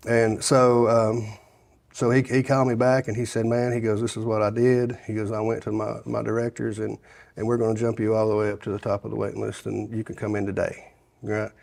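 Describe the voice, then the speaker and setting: A man's voice: fairly low pitch, level tone, brisk, creaky, darkish tone. A middle-aged man, telling his life story in a casual interview, rambling with many restarts and "you know"s. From Sevier County, Tennessee. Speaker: guest sharing his testimony.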